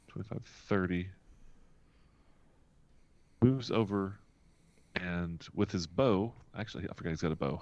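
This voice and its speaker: A man's voice: fairly low pitch, no echo, lo-fi sound. A man narrating as game master of a tabletop game, calling rules and actions with chuckles. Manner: lively, chuckling rules calls.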